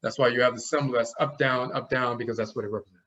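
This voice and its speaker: A language teacher lectures a class on an old script, explaining each sign and sounding out its letter aloud. His mid-range voice is steady and fairly bright, moving at a quick pace. The recording is dull and lo-fi.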